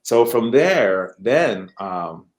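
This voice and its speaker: A middle-aged man from Canada tells stories with a lowish voice and lively energy. He sounds like he is in a room with a noticeable echo. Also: extremely slow. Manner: animated, acts out quoted voices. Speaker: guest musician. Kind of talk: conversational storytelling. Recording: echoey room.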